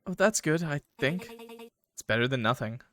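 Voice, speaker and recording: A man reading game dialogue aloud, voicing a shy, polite young woman who talks in a soft, hesitant way. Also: medium pitch, animated, moderate pace, no room sound, lightly acted.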